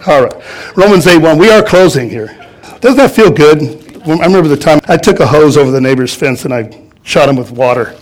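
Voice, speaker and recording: A man pastor delivering a sermon, animated and storytelling, chuckling as he goes. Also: a little high, a little fast. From United States. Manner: animated storytelling with laughs and acted-out quotes.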